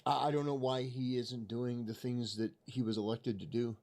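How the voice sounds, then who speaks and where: A man's voice: medium pitch, flat delivery, moderate pace, a little mellow. Indignant man ranting on politics. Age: over 30. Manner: earnest and indignant, with mock solemnity. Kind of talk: earnest political rant.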